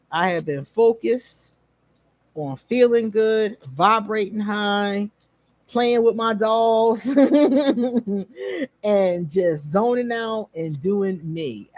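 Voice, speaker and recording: A woman, hosting a casual live stream where she reads cards for viewers, animated and quick to laugh. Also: mid-range voice, no echo, highs cut off. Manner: animated, laughs often, drawn-out emphasis. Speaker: host doing card readings for viewers.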